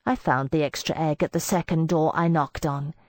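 A woman giving a measured first-person audiobook narration into a close studio mic. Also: deep voice, steady tone, darkish tone, dry recording.

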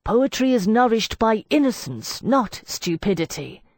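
A woman's voice: big pitch swings, a little slow, a little mellow, dry recording, full character voice. A woman reading the lines of an impassioned male poet, proud and wounded, her voice rising with heat. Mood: devastated. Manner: heated, raises pitch and volume for his lines. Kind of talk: audiobook character reading.

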